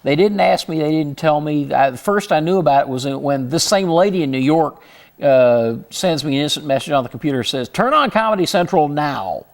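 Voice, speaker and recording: A middle-aged man from Houston, a guest in a casual interview, telling his story in a self-deprecating way with many halting restarts. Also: on the high side, darkish tone. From Houston, Texas.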